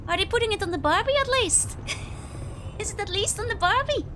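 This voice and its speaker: A woman's voice: very high voice, lively intonation, a little fast, background noise. A woman with a Dutch accent, a native Dutch speaker, chatting casually with viewers while she streams a game and laughs often between remarks. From Netherlands. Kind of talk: casual let's-play chat, reading viewer comments.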